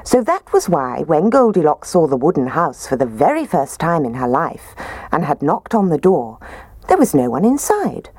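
Expressive woman reading a story. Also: sits low, normal speed, breathy edge, dry recording. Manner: expressive, gentle.

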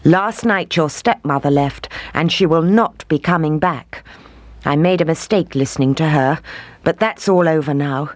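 A storyteller voicing a relieved, tearful woodcutter father who speaks slowly and warmly from the heart. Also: medium pitch, no echo, close to an everyday voice. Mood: heartfelt. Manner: slow, heartfelt.

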